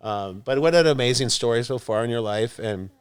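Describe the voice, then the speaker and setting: Man, podcast host, casual chat, mid pitch, animated storytelling, acts out quotes. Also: a little fast.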